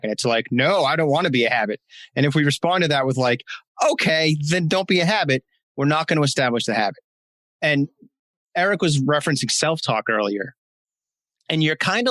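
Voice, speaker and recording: A man's voice: on the high side, fairly bright tone, dry recording. A man as a podcast guest, explaining ideas casually and acting out inner voices. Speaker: guest coach. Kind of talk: casual advice chat.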